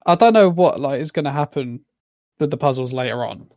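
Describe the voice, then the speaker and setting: A man's voice: mid-range voice, lively intonation, fairly quick, a little mellow, no room sound, studio quality. Man walking through a game puzzle. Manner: explains step by step, easygoing. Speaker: podcast co-host. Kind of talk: casual gaming chat. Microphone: own microphone on a remote call.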